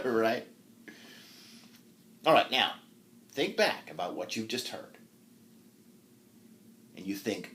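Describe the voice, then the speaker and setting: A man's voice: mid-range voice, very animated, slow pace, long pauses, a bit bright, slight background noise. A man giving a university literature lecture who retells a story with animation, acts it out, and laughs often. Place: classroom.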